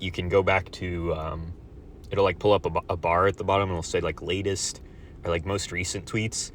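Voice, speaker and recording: A man's voice: lowish voice, a little hiss or hum. Foul-mouthed young man ranting. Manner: angry, sarcastic, swears constantly, jumps between loud outbursts and mutters. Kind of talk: profane ranting monologue.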